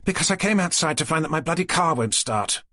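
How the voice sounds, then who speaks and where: A wry young policewoman trades dry, teasing banter, as a male narrator lifts his voice for her. Her tone is husky and close, recorded dry in an audiobook. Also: a little high, lively intonation, brisk, sharp tone, no room sound, voice pushed up. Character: young woman detective, wry and breezy.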